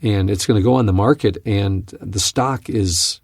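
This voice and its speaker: A man teaching from scripture on a podcast, telling a personal story in an earnest, animated way. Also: fairly low pitch, normal speed, creaky, breathy edge, dry recording, clean studio sound. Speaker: Bible teacher and podcast host.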